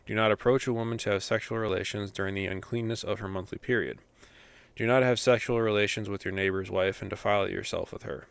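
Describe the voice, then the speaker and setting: A man's voice: lowish voice, steady tone, fast talker, creaky, a bit bright, clean tone, no echo. A young man hosting a daily Bible podcast, chatting casually with fillers and then reading scripture aloud steadily.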